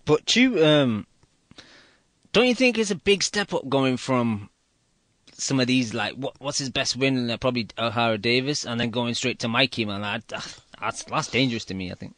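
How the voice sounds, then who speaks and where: A man's voice: medium pitch, normal speed, fairly bright tone, no room sound. A man co-hosting a casual podcast chat, hedging with lots of "like" and "man" and swearing now and then. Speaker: podcast co-host. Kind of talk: casual chat about boxing.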